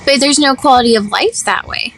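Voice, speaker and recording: Young woman co-host, higher voice, expressive and dramatic, casual podcast chat. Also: fairly quick, very noisy. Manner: animated, playfully dramatic.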